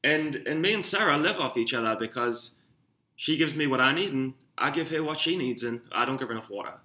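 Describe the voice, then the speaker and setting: A young Geordie vlogger from Newcastle, England, rambles and swears through a casual video from his room, mocking himself along the way. His mid-range voice is animated, a little fast, and bright and forceful, and the room sounds echoey.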